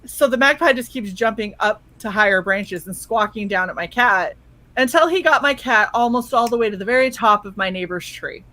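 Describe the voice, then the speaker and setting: A woman co-hosting a relaxed stream, telling a comic story with lively quoted asides and plenty of casual swearing. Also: medium pitch, brisk, low-quality recording. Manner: animated storyteller, swears freely, acts out quotes. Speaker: co-host of a chill stream. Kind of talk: casual chat.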